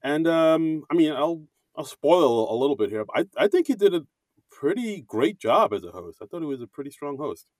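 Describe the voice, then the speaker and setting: A man co-hosting a casual comedy podcast, chatty and rambling, quick to laugh. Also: a little high, sing-song, a little mellow, no room sound. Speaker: podcast co-host.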